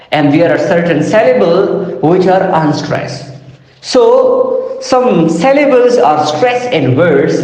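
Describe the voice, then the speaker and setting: Slow, echoey male lecturer. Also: sits high, darkish tone. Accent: South Asian English. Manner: addresses "listeners and audience", repeats words for emphasis. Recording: echoey room with long reverb.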